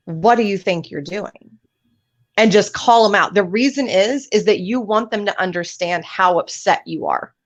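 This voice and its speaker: A woman hosting a panel talk show, giving blunt, emphatic advice and telling stories. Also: lowish voice. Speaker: host. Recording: dull lo-fi sound.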